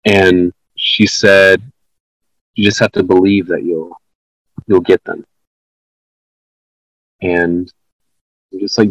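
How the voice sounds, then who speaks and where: A man's voice: low voice, flat delivery, slow pace, long pauses, a bit bright, no echo, poor audio. A man co-hosting a podcast, earnestly retelling a conversation with many fillers and restarts. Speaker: podcast co-host. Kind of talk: casual conversation.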